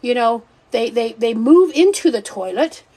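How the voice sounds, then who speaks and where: A woman hosting a casual live stream, talking in an animated, joking, scattered way that keeps interrupting itself. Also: a little high, moderate pace.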